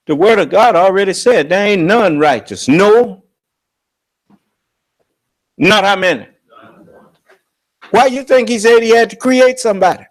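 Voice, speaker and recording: A man preaching on scripture with emphatic, confrontational delivery, slowing down to draw out quoted verses. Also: sits high. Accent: American. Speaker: religious leader and teacher.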